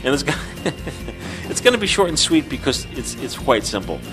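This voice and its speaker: A man's voice: mid-range voice, very animated, normal speed, over music. A man co-hosting a podcast in casual chat, plugging a store and laughing often. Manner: chatty, salesy plugs, laughs often. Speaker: podcast co-host.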